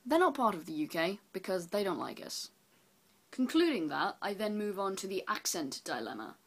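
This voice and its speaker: A woman's voice: sing-song, moderate pace. Sweary, sarcastic English woman lecturing. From England. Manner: blunt, sweary, mock-lecturing; jumps between high exclaims and low muttered asides. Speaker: vlogger. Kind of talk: sarcastic explainer rant.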